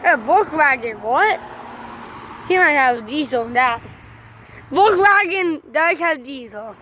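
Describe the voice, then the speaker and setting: A high-pitched young woman talking to her viewers from beside a busy road. She talks slowly and in an unhurried way, but gets excitable and chatty, and often shouts out at the trucks passing by. Faint traffic hum sits behind her. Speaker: truck-spotting vlogger. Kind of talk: excited roadside commentary. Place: roadside outdoors by traffic.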